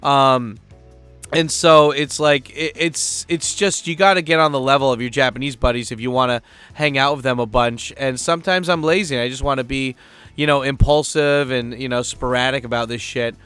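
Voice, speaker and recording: A man's voice: mid-range voice, steady tone, normal speed, fairly bright tone, smooth, no room sound, faint music behind. A man living abroad, telling a story in a casual vlog rant, rambling and swearing freely. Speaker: vlogger living in Japan.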